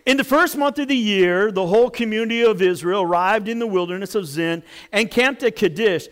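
A male pastor preaching a sermon in a jokey, animated way, with sudden loud outbursts. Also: sits high, fairly quick.

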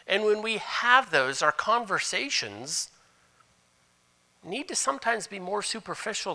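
A man preaching a sermon as pastor, animated, moving between loud emphasis and hushed asides. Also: high voice, normal speed, gravelly.

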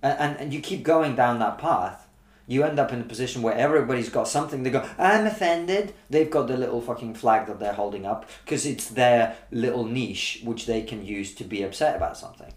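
A man's voice: mid-range voice, a little fast, roomy sound. A comedian from Russia talking in a casual conversation, arguing his point with lots of rhetorical questions. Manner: animated, argumentative, rhetorical questions. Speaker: comedian guest.

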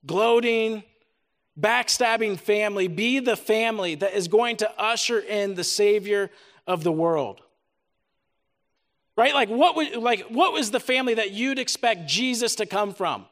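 A man's voice: sits high, fairly bright tone. A young adult man reading scripture and preaching at a retreat, talking casually with lots of "like" and growing intense. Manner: reads scripture then preaches with rising intensity; casual filler "like" while preaching. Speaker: retreat speaker.

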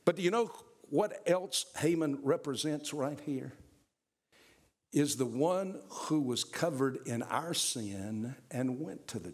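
Emphatic man preaching a sermon. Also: fairly high pitch. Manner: emphatic, repetitive, addresses the congregation directly.

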